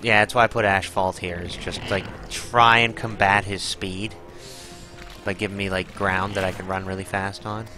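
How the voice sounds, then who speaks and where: A man's voice: deep voice, level tone, normal speed, sharp tone, soft background music, low-quality recording. A man giving live gameplay commentary, exclaiming, groaning and swearing as he fights a boss. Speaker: gaming channel host.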